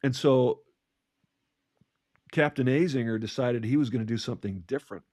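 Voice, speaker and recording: A man co-hosting a coaching podcast talks at an ordinary mid pitch and tells a long story. He trips over his words and repeats them as he goes. The sound is close and dry, with no room around it. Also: normal speed, a little mellow, no room sound. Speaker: podcast co-host, leadership coach. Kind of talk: conversational podcast talk.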